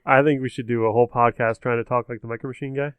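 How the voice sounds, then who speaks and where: A man's voice: mid-range voice, fairly even intonation, racing, clean tone, no echo. A man joking around on a podcast as a returning co-host, swearing casually.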